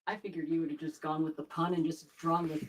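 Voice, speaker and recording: A woman's voice: low-pitched, flat delivery, quick pace, slight background noise. A woman co-hosting a casual stream, giving brief, light replies with a laugh. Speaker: co-host. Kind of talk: casual chat.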